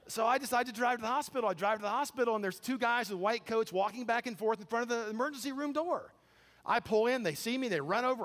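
A man preaching a sermon, telling a story with animated, incredulous quoted dialogue. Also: high-pitched, fast. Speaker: pastor. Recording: long hall reverb.

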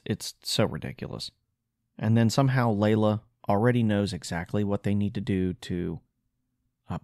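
A man's voice: fairly low pitch, a little mellow, no echo, clean studio sound. A man hosting a podcast, ranting in an exasperated, sarcastic way in casual solo commentary. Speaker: podcast host.

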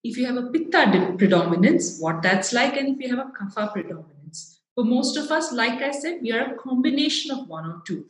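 A woman's voice: fairly high pitch, animated, a little fast, hardly any pauses. A woman with a South Indian English accent, giving a public talk in an earnest, explanatory way. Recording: echoey hall.

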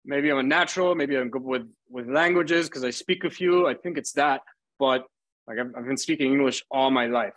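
A man's voice: medium pitch, moderate pace, fairly bright tone. A man in his twenties from Germany, a podcast guest talking loosely and casually, full of filler words. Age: 20s. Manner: loose and chatty, full of "like" and "bro".

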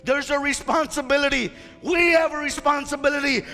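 Man preaching fired up, high forceful voice, big echoey church hall, faint music behind. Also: measured pace, gravelly. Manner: impassioned preaching, rising to shouts. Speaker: pastor. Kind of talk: fiery sermon. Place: church sanctuary.

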